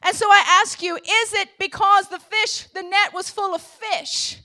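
A woman preaching a sermon to a church congregation, asking the room questions and swinging from quiet, low passages to shouted high points. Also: steady tone, unhurried. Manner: call-and-response preaching, swinging between soft low passages and shouted peaks.

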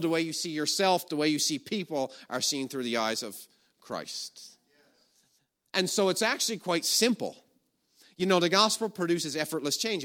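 Bright-voiced animated male preacher. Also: fairly high pitch. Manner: animated storytelling, shouts quoted commands. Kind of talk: sermon.

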